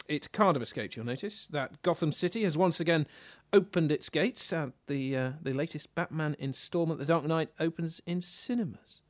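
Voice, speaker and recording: A man's voice: a little high, dry recording. A man hosting a casual tech podcast, jokey and fond of puns. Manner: jokey, punning, quick asides. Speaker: podcast host.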